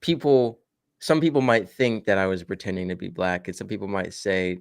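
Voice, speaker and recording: A man's voice: deep voice, steady tone, normal speed, creaky. A man chatting casually on a video call, telling stories and cracking jokes with lots of fillers. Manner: joking, storytelling, many fillers. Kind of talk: casual chat.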